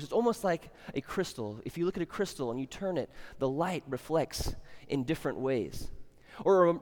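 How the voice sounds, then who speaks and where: A man's voice: fairly high pitch, a little mellow. A man preaching a sermon in a church, conversational and enthusiastic, often repeating words as he goes. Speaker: pastor. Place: church sanctuary. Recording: long hall reverb.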